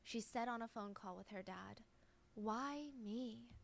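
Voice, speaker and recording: A woman's voice: mid-range voice, fairly even intonation, moderate pace, gravelly, a little hiss or hum. A woman telling a true crime story in a casual, chatty way and speaking to viewers directly.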